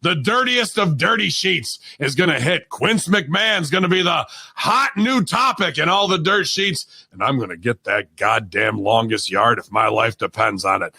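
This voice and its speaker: A man doing a comedic impression of a gruff, profane old wrestling company boss who rambles and calls everyone pal. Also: high-pitched, pushed and bright, no room sound, clean studio sound, heavily acted.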